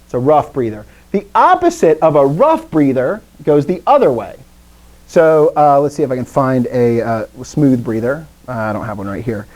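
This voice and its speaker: Lively, chatty woman teaching. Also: extremely low pitch, moderate pace. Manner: lively, chatty, quizzes the class, jokes. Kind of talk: live classroom lesson.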